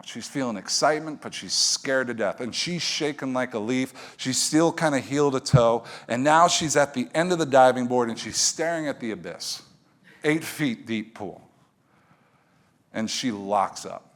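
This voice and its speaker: A middle-aged man tells a story to an audience in a motivational talk. His voice sits a little high for a man, and he is animated, dropping to a hush and then rising loud. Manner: animated, with swings from hushed to loud and laughing. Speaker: speaker telling a story to an audience.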